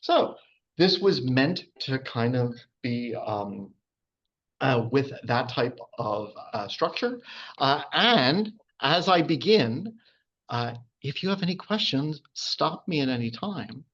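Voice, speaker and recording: A man's voice: mid-range voice, sing-song, slow, a bit bright, highs cut off. A man teaching anatomy to a live class in a chatty, informal way, full of fillers and asides. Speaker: anatomy and physiology instructor. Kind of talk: informal public lecture.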